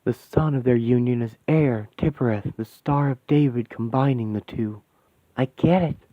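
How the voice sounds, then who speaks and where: A man's voice: mid-range voice, normal speed, no echo, lightly acted. A man voicing a young woman mystic in a fan radio play, talking in breathless wonder and explaining mystic symbols. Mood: awed. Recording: tinny dry lo-fi sound.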